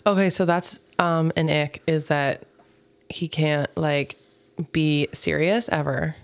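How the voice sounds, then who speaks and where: Brief: young woman podcast host, low voice, teasing, swears a lot. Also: fairly even intonation, takes it slowly, no room sound. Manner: swears freely, chatty and teasing. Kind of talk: casual couples chat.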